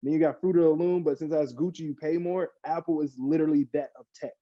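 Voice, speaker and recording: A man, a podcast guest, chatting casually and getting worked up, acting out other people in quick mock quotes. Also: fairly high pitch, no room sound, muffled recording. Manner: animated, rants with mock quotes. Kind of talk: casual chat.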